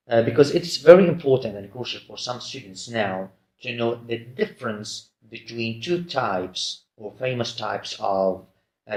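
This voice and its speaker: A man's voice: lowish voice, vocal fry, darkish tone. A man giving a recorded lecture, hesitant and full of fillers and restarts. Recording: roomy echo.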